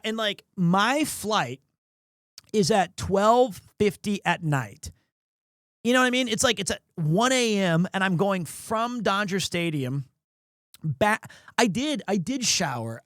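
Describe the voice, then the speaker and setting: A man's voice: high-pitched, fairly bright tone, dry recording, studio quality. A young man streaming live, telling a rambling story with lots of restarts and chatting with viewers. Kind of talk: casual livestream chat.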